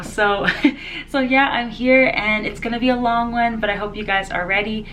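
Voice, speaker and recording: A woman's voice: on the high side, fairly even intonation, unhurried, fairly bright tone, slight background noise. A congested woman chatting in a rambling, unedited home vlog, laughing often. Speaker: vlogger. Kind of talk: casual unedited vlog chat.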